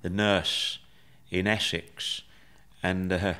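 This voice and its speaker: A man, a podcast guest, telling his story in a measured, reflective way with many fillers. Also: deep voice, level tone, pushed and bright, clear, resonant tone. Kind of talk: conversational storytelling.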